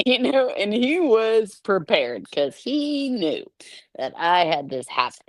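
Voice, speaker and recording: A woman's voice: lowish voice, sing-song, normal speed, no echo. A middle-aged woman telling stories in a casual chat. She laughs often and acts out the quotes. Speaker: podcast guest.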